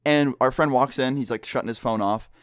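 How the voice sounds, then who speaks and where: Fast-talking young man, hushed and profane. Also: mid-range voice, smooth, no echo, studio quality. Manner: speaks quietly, holding his voice down; loose and profane, lots of filler words. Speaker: vlogger. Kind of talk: casual storytelling vlog. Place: indoor room with people next door.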